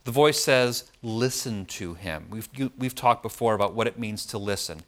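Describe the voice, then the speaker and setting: A man's voice: mid-range voice, fairly quick, a bit bright. Man teaching a Bible passage conversationally. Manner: conversational, checks in with "okay?". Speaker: preacher teaching scripture. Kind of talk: Bible study sermon.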